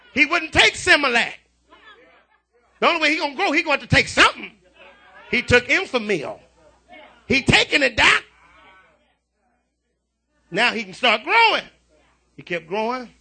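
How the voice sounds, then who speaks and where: Man, preacher, very high pitch, gravelly, lively swooping delivery, shouting call-and-response. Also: moderate pace, long pauses, some chatter behind. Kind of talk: revival sermon. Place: church sanctuary.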